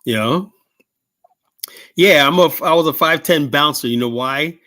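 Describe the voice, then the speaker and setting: A man's voice: a little high, unhurried, bright, forceful tone. Guy in his 50s rambling on about old club days, cussing a lot, lots of uh and you know. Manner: profane, rambling, heavy fillers and restarts. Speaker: show host telling stories. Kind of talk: rambling casual storytelling.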